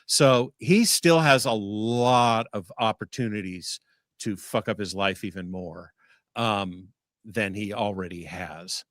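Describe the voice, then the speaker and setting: A man co-hosting a livestream, speaking in a measured, hesitant way and reading out legal points. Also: fairly low pitch, a bit bright, dry recording, clean studio sound. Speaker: livestream co-host. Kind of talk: live-stream talk.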